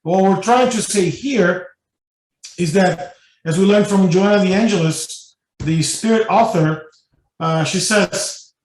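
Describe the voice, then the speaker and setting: A man's voice: sits high, a little slow. A man giving a spiritual lecture as guest speaker, telling stories loosely with many fillers and restarts. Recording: echoey room, mic at a distance.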